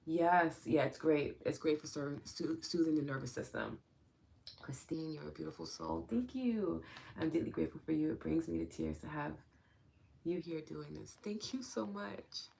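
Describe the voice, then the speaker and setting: A woman host who guides an EFT tapping session and then chats with her livestream viewers, thanking them one by one with open affection. She talks softly while guiding and more freely afterward. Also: low-pitched, moderate pace, gravelly, slight background noise. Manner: soft and hushed while guiding.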